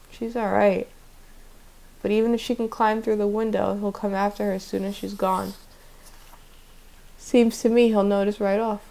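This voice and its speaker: An earnest teenage country boy , read by a woman, presses his point in a folksy, hushed drawl. The voice carries a light gravelly texture, and it sits in a plain storybook reading. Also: mid-range voice, lightly acted, rough recording.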